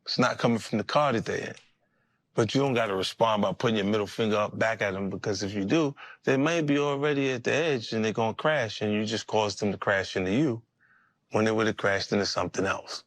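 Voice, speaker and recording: A man talking in a calm, reflective way in a played clip. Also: lowish voice, a little fast.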